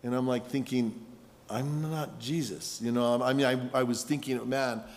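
A middle-aged man preaching a sermon as a pastor, telling stories in an animated way. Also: mid-range voice, moderate pace. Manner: storytelling, animated with shouted punchlines. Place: large conference hall. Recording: long hall reverb.

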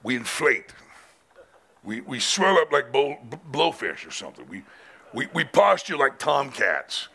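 Dramatic gravelly-voiced male preacher. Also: mid-range voice, big pitch swings, sharp tone. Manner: dramatic, emphatic, with drawn-out pauses. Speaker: pastor. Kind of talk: sermon. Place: men's conference.

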